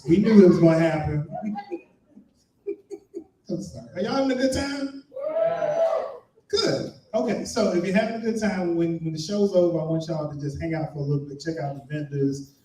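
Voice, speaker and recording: Male stand-up emcee, high voice, playful crowd banter, live room heard from a distance. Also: normal speed, pauses often, dark tone, a little hiss or hum. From Maryland. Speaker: comedian and emcee. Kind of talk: stand-up comedy. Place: live comedy venue with an audience. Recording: roomy echo, mic heard from a distance.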